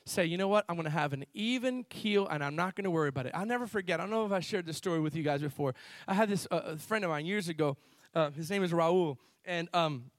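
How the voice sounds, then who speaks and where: A male pastor preaching in a church with a fairly high voice. He tells stories with animated energy, jumping from loud bursts to hushed asides. The sound is close and dry. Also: no room sound. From Miami. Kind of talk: sermon.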